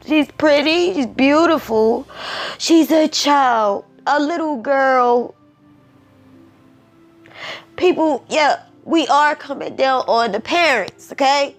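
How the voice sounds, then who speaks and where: Emotional, preachy woman with a slow, high voice. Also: faint music behind. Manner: emotional, preachy, repeats herself. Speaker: commentary vlogger. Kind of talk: emotional personal commentary.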